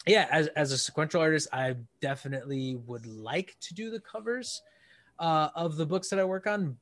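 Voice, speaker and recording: A man's voice: fairly high pitch, fairly bright tone, no echo. Hesitant man explaining with many fillers. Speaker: guest comic artist. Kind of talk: casual chat.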